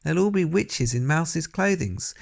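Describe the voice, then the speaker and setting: Storybook figure: eager, earnest little boy-mouse read by a man, lifted pitch, a bit gravelly. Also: animated, unhurried. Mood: worried. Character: clever young boy turned into a talking mouse.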